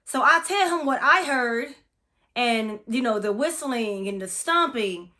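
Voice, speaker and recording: Bright-voiced woman telling a spooky story. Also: fairly high pitch, expressive, unhurried. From Florida. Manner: chatty, profane, dramatic storytelling. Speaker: massage therapist. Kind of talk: casual storytime vlog.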